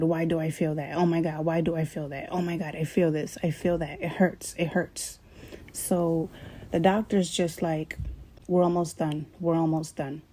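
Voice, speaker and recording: Woman, lowish voice, personal testimony, halting, lots of fillers. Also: a little mellow, slight background noise. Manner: halting, many fillers and repeats. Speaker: former surgery patient.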